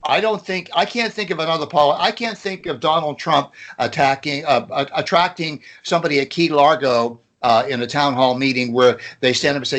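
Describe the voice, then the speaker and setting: Male co-host, fairly high voice, sardonic, emphatic political riffing. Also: steady tone, a bit bright. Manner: emphatic, sardonic, drawn-out pauses. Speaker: podcast co-host. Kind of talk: casual political chat.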